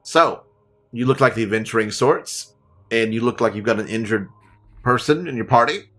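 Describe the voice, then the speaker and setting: A man's voice: mid-range voice, normal speed, a bit bright, voice pushed up, natural voice. A man voicing a grumbling, put-upon male rock gnome in a tabletop game. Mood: chatty. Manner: whiny, grumbling.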